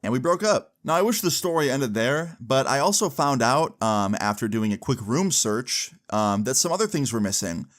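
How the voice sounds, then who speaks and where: This young man tells a story casually, leaning on constant fillers as he goes. His pitch sits in an ordinary middle range for a man. He talks the way people chat with friends. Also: lively intonation, normal speed, few pauses. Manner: chatty, heavy with "like" and "you know" fillers.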